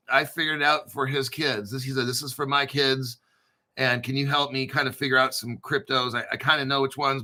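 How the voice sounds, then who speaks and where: A man's voice: mid-range voice, bright, forceful tone. A man hosting a crypto channel, rambling casually with profanity, jokes and self-mockery. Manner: profane, joking, self-mocking and digressive.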